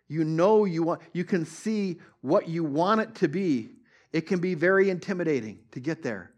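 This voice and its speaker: A man preaching a sermon with a slightly higher pitch than most men. He talks in an earnest, conversational way, restarting phrases and weaving in scripture as he goes. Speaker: pastor.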